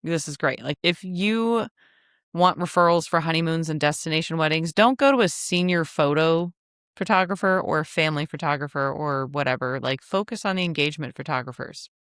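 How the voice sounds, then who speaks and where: A woman coaching listeners on a casual podcast, her low-ish voice smooth and clean. She talks in a frank, chatty way and throws in joking asides. The sound is close and dry. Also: fairly quick, fairly bright tone, no room sound. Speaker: podcast host, travel agency coach.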